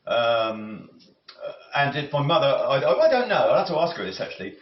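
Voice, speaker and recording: A man rambling and musing as he cooks, with many halting restarts and self-corrections. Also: medium pitch, sing-song. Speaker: cooking vlogger. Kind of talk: rambling talk while cooking. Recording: roomy, slightly dull audio with faint noise.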